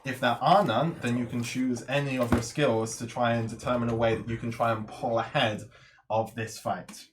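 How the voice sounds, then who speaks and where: A man of ordinary pitch runs a tabletop game, setting scenes and walking the players through the rules. He speaks in a measured, explanatory way and fills his pauses with um and uh. A faint hiss sits behind him. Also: fairly even intonation. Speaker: game master.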